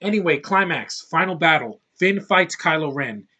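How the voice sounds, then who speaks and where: A man's voice: fairly high pitch, expressive, moderate pace, sharp tone. A man in his thirties giving a casual, ranting film review, blunt and profane, rambling with lots of fillers. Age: 30s. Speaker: movie reviewer.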